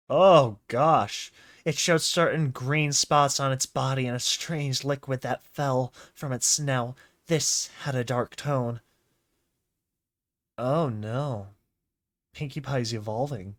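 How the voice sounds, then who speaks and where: A man's voice: medium pitch, fairly bright tone. A man casually reading a horror comic aloud, breaking off with chatty, exclaiming and mocking asides. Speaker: narrator and reactor.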